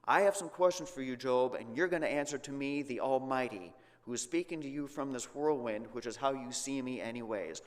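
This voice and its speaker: A man voicing an almighty male God who fires off booming, sarcastic, challenging questions in a sermon role-play. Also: moderate pace, few pauses, big-room sound, natural voice.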